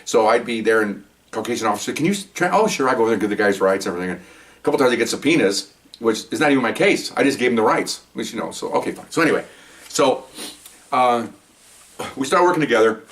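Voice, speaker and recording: An older man recounts his police days in a quick, rambling flow, circling back with asides and restarts. His voice sits a little away from the microphone, in a middle register. It sounds like casual storytelling straight to camera. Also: medium pitch, fairly bright tone, recorded from a distance. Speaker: retired police officer telling stories.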